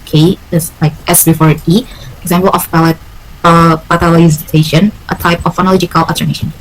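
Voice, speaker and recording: A woman's voice: fairly low pitch, little pitch movement, brisk, a little hiss or hum, low-quality recording. A young woman student gives a class presentation, speaking hesitantly with cut-off words and restarts.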